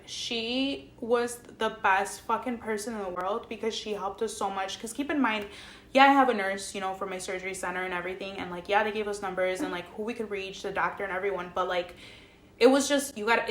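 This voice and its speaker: Young woman vlogger, casual storyteller, profane and emotional, mid-pitched, recorded in an echoey room. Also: fairly bright tone, a little hiss or hum. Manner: profane, emotional, lots of fillers.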